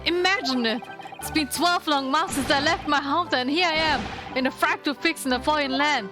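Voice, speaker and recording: A theatrical, excitable male novelist locked in a cell, as a woman reads him aloud, lurching from indignant stammering to paranoid whispers. The voice sits raised and pushed louder than plain talk. Game music plays underneath. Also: fairly high pitch, moderate pace, natural voice. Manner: dramatic, paranoid outbursts and stammering.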